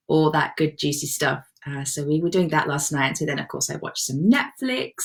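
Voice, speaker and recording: A woman's voice: low-pitched, fairly bright tone. A woman hosting a live self-love session, chatting casually and encouragingly as she reads out viewers' comments. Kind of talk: casual live-stream chat.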